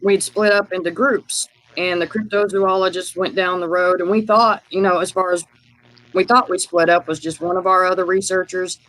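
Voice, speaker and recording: Brief: man with a high voice, guest on a live call, loose and rambling. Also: fairly even intonation, normal speed, pushed and bright, rough recording. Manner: rambling, many fillers and restarts. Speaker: guest sharing field experiences. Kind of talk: casual storytelling on a live call.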